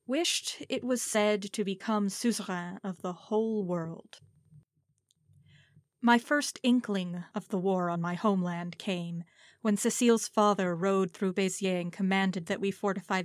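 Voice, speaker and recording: A woman narrating historical fiction in a measured, formal storytelling manner. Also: mid-range voice, no room sound, clean studio sound. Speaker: audiobook narrator.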